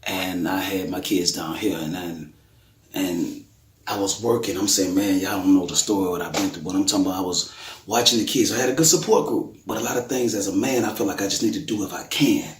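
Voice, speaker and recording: A man's voice: deep voice, fairly quick. A middle-aged man telling his daughter's testimony in a colloquial, earnest way, acting out quotes with sudden bursts. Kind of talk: emotional testimony storytelling. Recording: echoey room.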